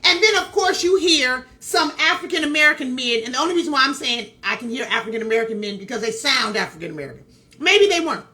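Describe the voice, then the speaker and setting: Her voice is high and sharp with lively intonation, and she talks at a quick pace. This woman vlogger narrates a story in casual commentary, emphatically repeating phrases and speaking straight to viewers with asides.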